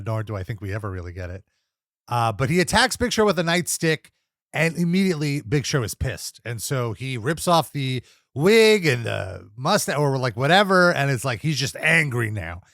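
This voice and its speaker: A man's voice: mid-range voice, moderate pace, no room sound, clean studio sound. A young man co-hosting a casual wrestling review podcast, recapping matches with frequent laughs and playful impressions. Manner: lively recapper, laughs often, mimics wrestlers and announcers. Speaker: co-host reviewing wrestling episodes.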